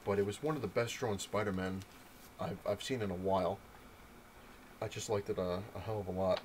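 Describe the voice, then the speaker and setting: A man talks through a comic storyline in a loose, rambling way, full of ums and restarts. His voice sits on the low side, and he gets animated when he retells scenes. A faint hiss runs under the recording. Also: fairly quick, poor audio. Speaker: comic book vlogger. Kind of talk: casual comic review talk.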